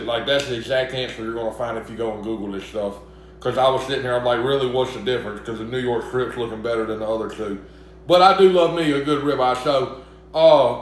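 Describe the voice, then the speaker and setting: A man's voice: medium pitch, slight background noise. A young man from Mississippi with a Southern accent, chatting casually as he cooks and joking back at imagined critics. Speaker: cooking vlogger. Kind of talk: casual cooking vlog. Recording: very echoey room.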